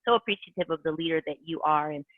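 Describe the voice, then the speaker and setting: A woman's voice: sits low, rapid-fire, no room sound. A woman closing a team conference call with enthusiastic, rambling motivational talk, full of fillers. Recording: tinny conference call line.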